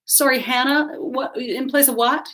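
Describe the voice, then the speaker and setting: A woman's voice: high voice, fairly even intonation, a little slow, pushed and bright, voice pushed up. A woman reading aloud, voicing a spoilt young Hollywood party girl with a Los Angeles-tinged accent and a lazy, offhand drawl. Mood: bored. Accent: Los Angeles-tinged English. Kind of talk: audiobook character voice.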